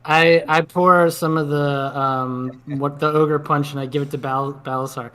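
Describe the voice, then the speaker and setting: Casting: male player, loud friendly half-orc character, everyday voice. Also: a little high, fairly even intonation, unhurried, few pauses, clean tone. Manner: playing a friendly boisterous half-orc in his own voice. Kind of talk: tabletop role-play.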